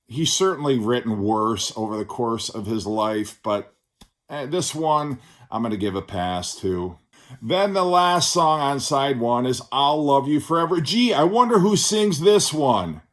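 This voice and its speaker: Male record-review host, mid pitch, blunt, sarcastic, salty language. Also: animated, a little slow, a bit bright. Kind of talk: casual album review.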